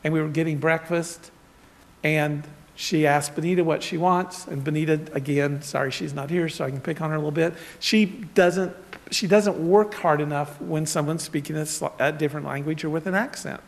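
A man's voice: fairly high pitch, steady tone, normal speed, creaky. A man preaching a casual sermon, telling everyday stories and talking directly to his congregation. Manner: conversational, storytelling, asides to congregation. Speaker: pastor. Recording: long hall reverb.

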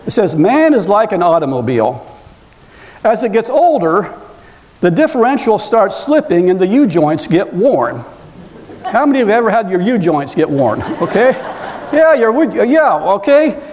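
A man's voice: high-pitched, darkish tone, long reverb tail. A man preaching a sermon as a pastor, folksy and chatty, with joking asides to his congregation.

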